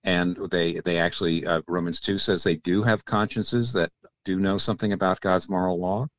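A man speaking as a theologian guest in an interview, explaining ideas in a measured, teacherly way and often dropping into quiet asides. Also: sits low, fairly even intonation, lo-fi sound.

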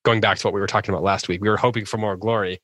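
A man's voice: on the low side, steady tone, racing, fairly bright tone, dry recording. A man hosting a casual book discussion, easygoing and apologetic when he interrupts.

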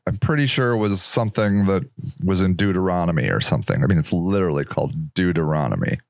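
A man's voice: low voice, expressive, fast talker, gravelly, dry recording, clean studio sound. A man hosting a casual solo podcast, rambling sarcastically and mocking other people's voices. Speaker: podcast host.

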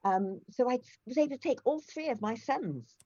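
An older woman, once a foster carer, appears as an interview guest and tells stories in a chatty way, often restarting her sentences and using fillers. Her voice sits on the high side and is expressive, at a moderate pace. The recording is lo-fi, with a crowd audible behind her in this conversational interview.

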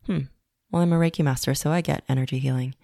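A woman podcast host reading a personal essay in a calm, reflective way. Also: low-pitched, fast talker, gravelly, no room sound, studio quality.

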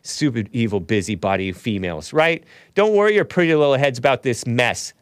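A man's voice: medium pitch, lively intonation, fairly quick, dry recording, studio quality. Sarcastic male talk show host. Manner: sarcastic, mocking asides, laughs at own remarks. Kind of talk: solo commentary, reading news aloud with asides.

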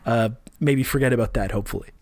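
A man's voice: mid-range voice, fast, no room sound. Canadian man, podcast co-host, easygoing rambling talk, dry close mic. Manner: relaxed, rambling with fillers and restarts. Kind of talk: casual podcast chat.

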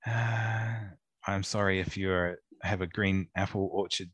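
Man, co-judge, dry wry humour, low voice, dry sound. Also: fairly even intonation, a little slow, fairly bright tone, slightly rough, no room sound. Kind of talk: casual chat.

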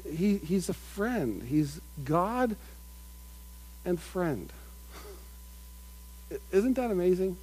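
A middle-aged man preaching a sermon in an earnest manner, building to loud emphatic peaks and dropping to quiet asides. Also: sits high, animated, takes it slowly, long pauses, breathy edge, poor audio. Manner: earnest, builds up with rising emphasis, mimics crowd voices.

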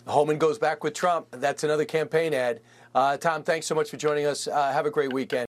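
A man hosting a TV news segment, with a slightly raised pitch. He moves briskly through questions and sign-offs in a polished broadcast manner. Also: fairly even intonation. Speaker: TV news host. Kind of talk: TV news interview.

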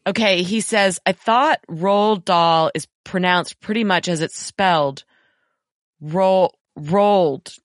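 A wry, blunt woman co-hosting a podcast and reading listener letters aloud with her own asides. Her voice sits on the low side. The sound is dry and close to the mic. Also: a little slow, few pauses, fairly bright tone, no room sound. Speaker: podcast co-host.

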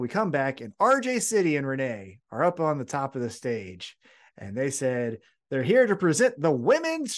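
A man co-hosting a casual podcast, recapping wrestling and acting out quotes in a higher voice. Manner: animated storytelling, acts out quotes in higher voice. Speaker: podcast co-host.

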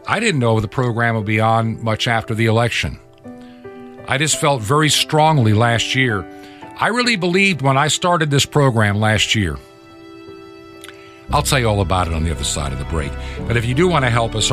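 A man hosting a talk radio show, speaking in a blunt, opinionated, plainspoken way. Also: medium pitch.

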